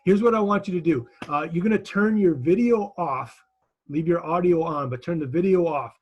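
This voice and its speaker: A man leads a class over a video call, giving direct, encouraging feedback. His voice sits a little high and he restarts phrases often as he talks. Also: normal speed, husky, dull audio. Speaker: instructor.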